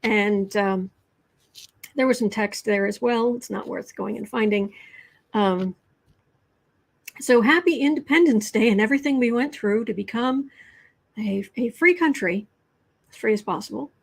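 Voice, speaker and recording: A woman hosting a casual tarot livestream, speaking slowly with many pauses and restarts. Her voice sits a little high, and her tone is blunt and sarcastic. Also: gravelly. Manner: halting, full of ums and restarts, blunt and sarcastic. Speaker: tarot and astrology livestream host. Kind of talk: casual political commentary livestream.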